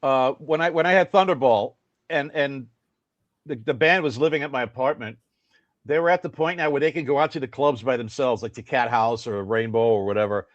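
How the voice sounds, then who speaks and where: A man's voice: mid-range voice, a little fast, no room sound, dull audio. An older man, a guest musician, telling long rambling anecdotes in a casual interview. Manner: rambling, animated storyteller.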